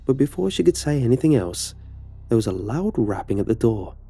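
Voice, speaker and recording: A man's voice: medium pitch, sing-song, a little fast, creaky, dark tone, breathy edge, soft background music. A man narrating a horror story in a casual, conversational way.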